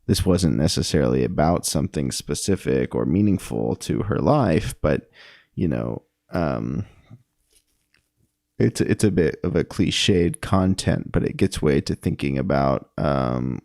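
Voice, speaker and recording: Slow, gravelly-voiced man musing on poetry. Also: extremely low pitch, animated, a little mellow, no room sound, clean studio sound. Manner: musing, halting, many ums and self-corrections. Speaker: poetry commentator. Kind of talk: casual spoken analysis.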